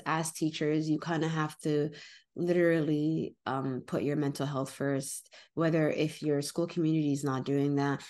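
Low-voiced woman teacher, earnest. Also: a little mellow. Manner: earnest, reflective, heavy use of "like" and "literally". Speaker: teacher and podcast co-host. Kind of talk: casual podcast chat.

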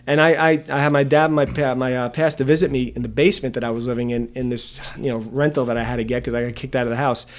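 A man's voice: mid-range voice, level tone, quick pace, hardly any pauses. A man in his fifties from Long Island, a pastor telling his life story candidly and earnestly in an interview. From Long Island, New York. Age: 50s. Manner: candid, earnest, self-deprecating. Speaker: pastor and guest.

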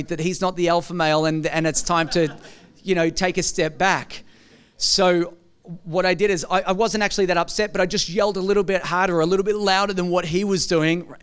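A man's voice: high-pitched, clear, resonant tone. A middle-aged man preaching a sermon as pastor, telling a personal story and addressing the congregation directly. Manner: storytelling, shifts to a soft hushed voice when recounting a tender moment.

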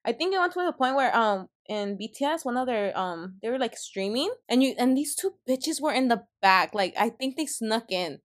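A young woman chats on a podcast, and her voice sits a little high. She tells her stories in a loose, rambling way, with plenty of fillers, sudden gasps and laughter. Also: expressive, normal speed, hardly any pauses. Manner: chatty storytelling full of fillers, gasps and laughs. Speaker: podcast co-host. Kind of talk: casual chat.

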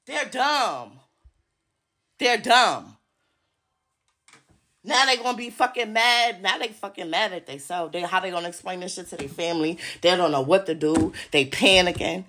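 A woman's voice: fairly low pitch, fairly quick, few pauses, sharp tone. A woman hosting a solo podcast, ranting in an agitated, heavily profane way and speaking straight to her listeners. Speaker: podcast host.

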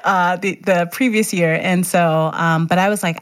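A woman's voice: fairly low pitch, animated, moderate pace, hardly any pauses. A middle-aged woman, a teacher and runner, candidly telling a personal story in conversation and laughing often.

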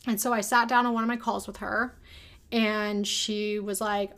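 A woman's voice: medium pitch, little pitch movement, moderate pace, fairly bright tone. A young woman talking casually and candidly about her own experience, at times emotional. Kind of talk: personal storytelling monologue.

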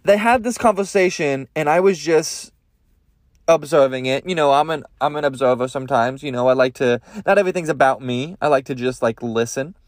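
A man's voice: a little high, brisk, no echo, clean studio sound. A man hosting a comedy podcast, ranting crudely in a rambling monologue with lots of swearing. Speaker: podcast host.

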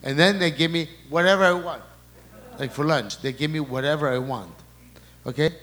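Halting male priest in an echoing hall. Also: a little high, a bit bright. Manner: halting, restarts and repeats words, relays quoted messages. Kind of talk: sermon talk.

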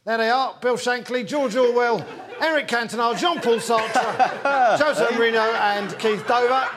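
A man hosting a comedy football quiz in front of a live audience, with quick, jokey patter. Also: very high voice, crowd noise. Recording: live audience laughing behind. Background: audience laughter.

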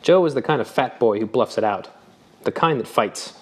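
A man reading the part of a wry, thoughtful older man who lectures gently. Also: mid-range voice, expressive, normal speed, husky.

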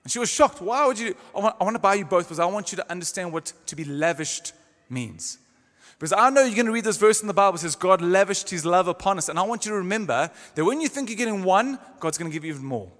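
A man preaching a sermon in a church, stressing words by slowing down and changing his volume. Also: sits high, lively intonation, a bit bright. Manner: emphatic, varies pace and volume for stress. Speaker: pastor. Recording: long hall reverb.

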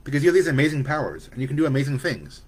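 A man reading the part of a worried, loving young mother who speaks gently but firmly to her son. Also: mid-range voice, sing-song, very fast, breathy edge, voice pushed up. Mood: firm, gentle.

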